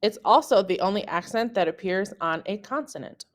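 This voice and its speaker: A woman French teacher narrating a scripted lesson, saying example words slowly and carefully. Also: mid-range voice, animated.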